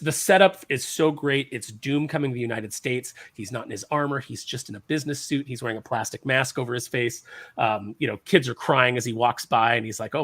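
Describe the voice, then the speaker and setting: A man's voice: mid-range voice, fairly bright tone, dry recording. A man chatting casually on a comics talk show, enthusiastic and rambling with many fillers. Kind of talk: casual chat.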